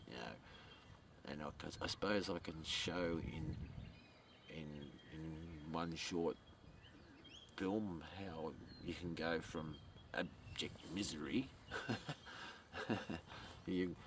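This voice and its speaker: Deep, slow-talking man with a gravelly voice, rambling to camera outdoors, heard from a distance with faint ambient noise. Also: fairly even intonation. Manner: meandering, repeats words, swears, chuckles often. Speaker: vlogger.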